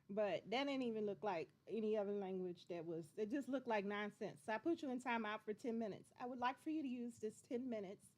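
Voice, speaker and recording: A woman, hosting a casual livestream and chatting playfully with viewers she greets by name. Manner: greets viewers by name with excited high calls; chatty and playful, drawls y'all. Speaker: livestream host.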